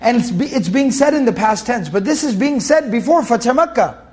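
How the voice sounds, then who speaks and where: A man with a notably high-pitched voice gives a Quran commentary lesson. He stresses his points by repeating key phrases. He breaks into a chanted recitation when quoting Arabic verses. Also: lively intonation, a little fast, darkish tone. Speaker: Quran teacher.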